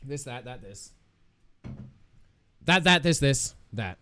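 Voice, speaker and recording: A man's voice: medium pitch, lively intonation, slow pace, background noise. A man streaming live, chatting casually with viewers in a playful, joking way, laughing often and swearing freely.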